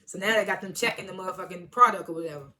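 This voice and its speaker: Woman with a bright, sharp voice doing a casual TV episode recap, chatty and easily amused. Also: on the low side, rapid-fire. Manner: chatty and amused, laughs often, retells scenes with "he was like". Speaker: TV episode reviewer.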